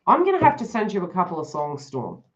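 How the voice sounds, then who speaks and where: A woman's voice: lowish voice, huge pitch swings, fast talker, slight background noise. A woman reading cards on a live stream, chatting to viewers by name and laughing often. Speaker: tarot reader hosting a live stream. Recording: dull lo-fi live stream audio.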